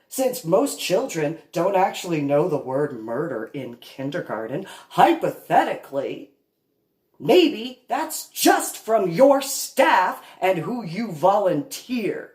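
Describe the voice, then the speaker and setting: A woman speaking in an unscripted monologue about her own experiences as a parent, slow and emphatic with deliberate pauses. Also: lowish voice, very animated, darkish tone, roomy sound. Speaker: parent telling her story.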